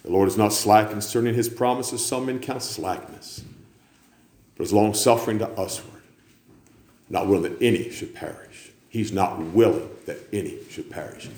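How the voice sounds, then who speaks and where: A man preaching a sermon, building to loud climaxes and then dropping low. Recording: echoey room with faint background noise.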